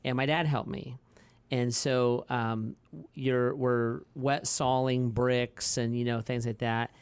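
On a casual podcast, a fortysomething man chats in a pastor-like way, wandering through stories with fillers and restarts and laughing readily. His smooth, resonant voice is ordinary in pitch, level, and slow, recorded dry and close with no echo.

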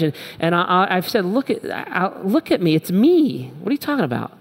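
Animated preacher in a reverberant hall. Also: male voice, sits high, normal speed, hardly any pauses. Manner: animated storytelling, acts out quoted voices. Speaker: pastor. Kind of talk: sermon. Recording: long reverb of a large hall.

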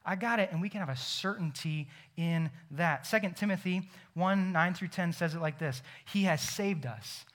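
A young man preaching a sermon, animated and emphatic, acting out imagined conversations. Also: high-pitched, moderate pace, hardly any pauses. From Ohio. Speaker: pastor.

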